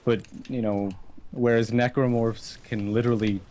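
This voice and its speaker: Halting young man chatting between bites. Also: medium pitch, level tone, mellow. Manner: halting, restarts, talks with mouth full. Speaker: co-host of a gaming stream. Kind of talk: casual chat while eating.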